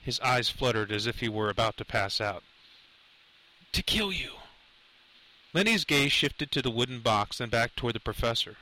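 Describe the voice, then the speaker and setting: A male audiobook narrator reads a suspenseful novel in a measured, dramatic way. His voice sits in an ordinary middle pitch with a bright, forward tone. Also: fairly even intonation, poor audio. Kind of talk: scripted narration.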